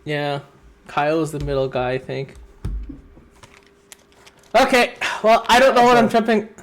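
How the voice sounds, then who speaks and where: A man's voice: fairly high pitch, sing-song, measured pace, a bit bright, slight background noise. A young man casually chatting while streaming a courtroom game, rambling and laughing often.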